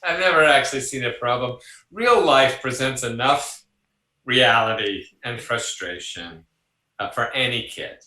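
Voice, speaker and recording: An older man, a psychologist, talking through an interview in an animated way and acting out voices in his stories. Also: medium pitch, unhurried, echoey room, rough recording. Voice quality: animated, acts out voices in anecdotes. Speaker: psychologist guest. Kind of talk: conversational interview.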